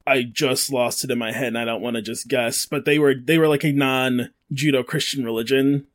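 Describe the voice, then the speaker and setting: In a laid-back podcast conversation, this male co-host tells meandering, filler-heavy stories that keep restarting. His tone is steady, his pitch medium, his pace moderate.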